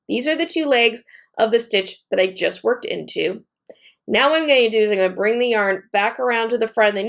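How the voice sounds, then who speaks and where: A woman walks through a knitting technique step by step, narrating each move as she works. Her delivery is methodical and repetitive, and her voice carries a noticeable gravelly fry. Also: a little high. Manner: methodical, repeats key points, talks while working. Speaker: knitting teacher. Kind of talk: step-by-step tutorial demonstration.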